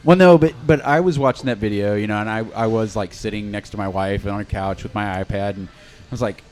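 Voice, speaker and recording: A man's voice: lowish voice, a little fast, a little mellow. A middle-aged man hosting a casual podcast chat, joking and laughing often. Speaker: podcast host.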